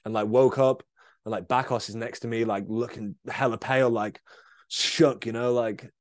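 A man's voice: medium pitch, steady tone, normal speed, no room sound, studio quality. A young man in casual chat, telling a long injury story with lots of fillers and swearing. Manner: rambling storyteller, swears a lot, many fillers. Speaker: guest, BMX rider.

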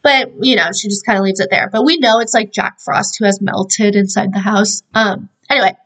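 A young woman recaps a film on her podcast, casual and chatty, with lots of fillers and laughing asides. She speaks at a medium pitch and normal speed, with fairly even intonation and a fairly bright tone, on a low-quality recording.

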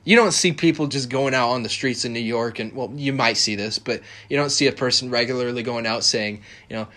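A man's voice: medium pitch, lively intonation, a little fast, bright, forceful tone. A young man hosting a podcast, delivering a heated, profane, confrontational monologue. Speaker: podcast host. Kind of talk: ranting monologue.

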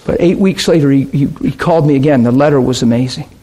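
A man preaching a sermon and telling stories, swinging from loud excitement to hushed, quiet asides. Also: mid-range voice, quick pace. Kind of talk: sermon storytelling.

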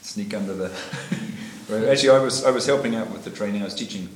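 Talking fast in a lowish voice, a middle-aged man from New Zealand recounts his life as an interviewee over a meal, rambling and laughing often with many fillers and restarts. The room is echoey, dishes clink, and the recording has loud clatter plus slight background noise.

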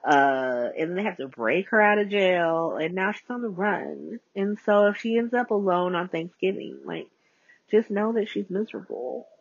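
A woman's voice: animated, moderate pace, vocal fry, dry recording. Chatty, swearing woman on a voice note. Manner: chatty, profane, swings pitch a lot. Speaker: podcast host. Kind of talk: casual solo podcast recap. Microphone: phone voice notes. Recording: dull lo-fi voice note.

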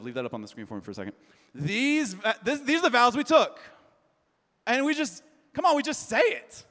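A man's voice: extremely high pitch, very animated, brisk, a bit bright, long reverb tail. A male pastor preaching a sermon in a casual, conversational way, telling self-deprecating stories full of fillers.

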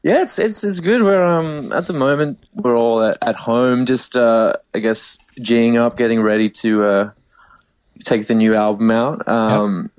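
An Australian man in his twenties chats as an interview guest, easygoing and relaxed. His voice sits at an ordinary middle pitch. The recording is dry and close. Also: measured pace, clean tone, no room sound. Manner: relaxed, easygoing, laughs often. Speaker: band singer, guest. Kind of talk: casual interview chat.

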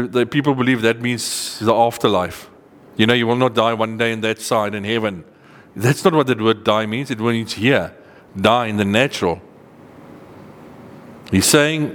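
Earnest preacher man with echoing reverb. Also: fairly bright tone. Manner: earnest, emphatic, rises in pitch on key points, slows to read verses. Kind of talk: sermon teaching with scripture reading.

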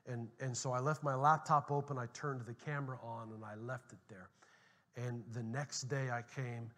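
A middle-aged man preaching a sermon as pastor, telling a story animatedly, dropping to a hush and then rising loud. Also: mid-range voice, steady tone, normal speed. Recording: long hall reverb.

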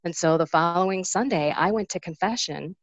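A woman in her forties tells her story in an earnest, emotional way, her voice sitting low with a gravelly fry. The sound is close and dry, with no room around it. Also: a little fast, dry recording. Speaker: guest sharing a faith story. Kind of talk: personal testimony in an interview.

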